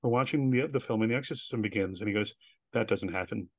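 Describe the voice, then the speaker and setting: A man speaking in a medium-pitched voice, telling stories with lively energy and slipping into other people's voices as he quotes them. His voice is recorded close and dry, with no room echo. He sounds like a guest in a casual interview. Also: fast talker. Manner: animated storyteller who acts out quoted voices.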